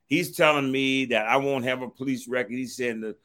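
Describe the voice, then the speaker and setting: A middle-aged man from Washington, D.C., recounts a personal story with an animated delivery. His pitch sits in an ordinary middle range. He keeps pulling the thread back with a stock phrase and acts out the voices of the people in it. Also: fairly quick. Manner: animated, acts out others' quoted words, repeats a stock phrase to move on.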